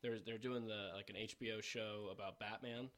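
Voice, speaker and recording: A man guesting on a comedy podcast, telling stories in a laid-back way with deadpan asides. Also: on the low side, brisk. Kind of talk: casual comedy podcast chat.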